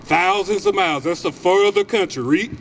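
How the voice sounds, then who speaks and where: Male street preacher who keeps cutting in to explain each verse; pitched high, light traffic hum. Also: normal speed, a bit bright. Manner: insistent, repeatedly calls for the next verse to be read.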